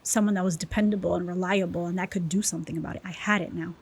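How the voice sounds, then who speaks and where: Woman podcast guest, candid and emotional, personal testimony, animated storytelling. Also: fairly low pitch, racing, breathy edge.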